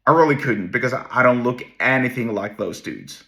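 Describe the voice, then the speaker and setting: A man's voice: medium pitch, animated, a little fast, creaky, pushed and bright. A man hosting a casual solo talk, rambling with many restarts and asides. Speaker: host.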